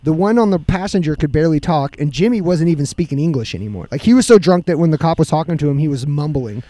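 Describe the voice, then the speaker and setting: Brief: casual profane storyteller, male, mellow tone, dry room. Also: a little high, animated, quick pace, no room sound. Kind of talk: casual storytelling among friends.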